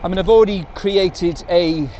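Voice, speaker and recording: English guy rambling away to his bike camera mid-ride, slightly high voice, faint traffic behind. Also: normal speed, mellow. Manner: chatty and rambling, jokey asides. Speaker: cycling vlogger. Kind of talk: casual talk to camera while riding. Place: outdoors on country roads on a bike.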